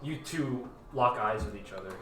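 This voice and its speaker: A man narrating as game master of a tabletop game, talking casually with many fillers and lively asides. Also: on the low side, moderate pace, echoey room, distant mic, soft background music. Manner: animated, lots of "like" fillers, jumps into character voices.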